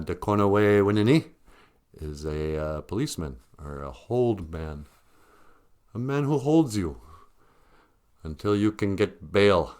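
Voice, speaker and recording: A man hosting a podcast who talks in a loose, joking monologue and often chuckles at his own lines. He speaks slowly and unhurriedly, with a wide, expressive pitch that swings around as he goes. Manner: sardonic, laughs at his own jokes. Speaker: podcast host. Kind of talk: casual comedic monologue.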